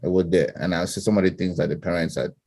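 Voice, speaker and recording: A man's voice: sits low, level tone, quick pace, creaky, darkish tone, no room sound. A middle-aged man from Nigeria, a former coach and parent, talking casually in an interview and laughing easily between many fillers.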